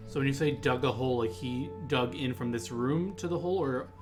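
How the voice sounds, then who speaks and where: An earnest man at a tabletop game, with a mid-pitched voice, trading his hero's lines with table talk. Music plays clearly behind him the whole time. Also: a little fast. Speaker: player. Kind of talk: tabletop role-play, in and out of character. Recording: with background music.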